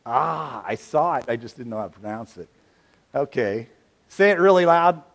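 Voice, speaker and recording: A man preaching a sermon, playful and animated, drawing answers from his congregation. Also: medium pitch, normal speed, creaky. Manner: animated, playful, asks the audience questions. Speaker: pastor.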